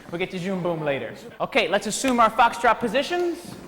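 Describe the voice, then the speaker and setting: An energetic man teaching a ballroom class, calling out counts with a lively, swooping delivery and a fairly high voice. His words ring out with a long reverb. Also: fairly quick, a little hiss or hum. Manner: energetic, counts steps aloud, playful asides. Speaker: dance teacher. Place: dance studio hall.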